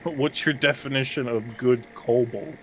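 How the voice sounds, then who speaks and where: A man's voice: mid-range voice, fairly even intonation, a little slow, fairly bright tone, highs cut off, a little hiss or hum. A man playing a tabletop game with a teasing manner who laughs often. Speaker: player. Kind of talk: casual tabletop play.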